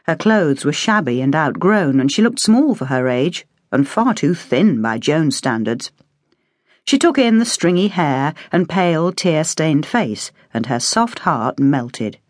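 Husky, low-voiced woman narrating a novel. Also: slow, no echo, studio quality. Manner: expressive storytelling. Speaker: audiobook narrator. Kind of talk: scripted narration.

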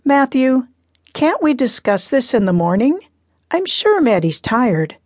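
A woman reading as a gentle, reasoning mother. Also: high-pitched, very animated, unhurried, no echo, studio quality, pitched above the performer's own voice, full character voice. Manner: soft, reasoning. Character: gentle conciliatory middle-aged mother. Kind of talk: audiobook character reading.

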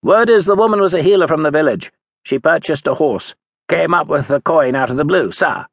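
Guy doing a young guard reporting to his boss, husky, lively. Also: a little high, brisk, no room sound, studio quality, pitched above the performer's own voice. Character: dutiful young sentinel reporting man.

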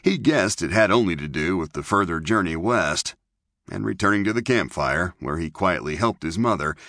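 A man narrating a western novel as an audiobook, in measured storytelling. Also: sits low, lively intonation, bright, forceful tone, dry recording, clean studio sound. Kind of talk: scripted narration.

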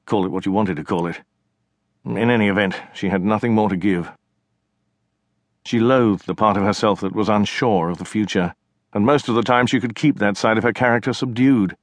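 Male audiobook narrator, lowish voice, dry close studio sound, measured delivery. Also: no echo. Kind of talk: scripted narration.

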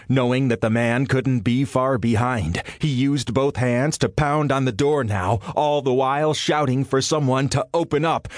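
A man narrating a thriller audiobook in a measured, suspenseful storytelling manner. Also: mid-range voice, no echo, studio quality.

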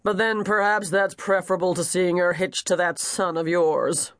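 A man voicing a gruff, blunt, wealthy older father with a growling voice. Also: high-pitched, fairly even intonation, normal speed, fairly bright tone, no echo, clean studio sound.

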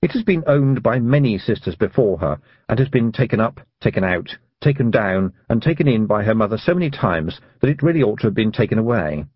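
Husky, lively male audiobook narrator. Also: lowish voice, a little fast, hardly any pauses, no room sound, highs cut off. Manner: lively, expressive reading. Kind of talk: scripted storybook narration.

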